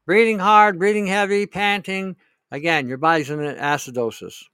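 A man's voice: high voice, steady tone, moderate pace, pushed and bright, clean tone, dry recording, clean studio sound. A man hosting a show, talking in a blunt, rambling, opinionated way and answering a listener's question. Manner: blunt, rambling, emphatic with profanity. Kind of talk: casual opinionated monologue.

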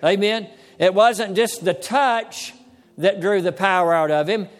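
A man preaching a sermon as pastor, calling for amens and slowing down to stress key words. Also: high voice, big-room sound.

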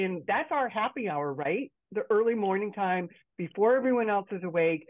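A woman's voice: medium pitch, expressive, moderate pace, few pauses, no echo. Effusive woman guest on a phone line. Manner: effusive, emotional. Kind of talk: casual chat.

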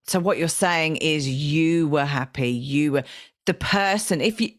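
A woman's voice: low voice, unhurried. A woman hosting a podcast, asking tentative questions to check her understanding. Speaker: podcast host. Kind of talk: interview questions.

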